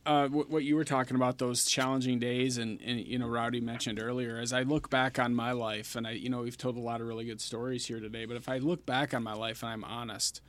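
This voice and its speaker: A man's voice: mid-range voice, little pitch movement, fast, few pauses, a bit bright. A man hosting a talk show, speaking earnestly and thoughtfully, with many fillers. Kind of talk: reflective talk-show chat.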